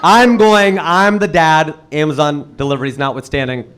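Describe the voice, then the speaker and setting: Stand-up comic, man, middle-aged, lively storytelling that jumps up and down in pitch, faint background noise. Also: normal speed. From United States. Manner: animated storytelling with big jumps in pitch and level. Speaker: stand-up comedian. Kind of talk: stand-up comedy set. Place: comedy venue with live audience.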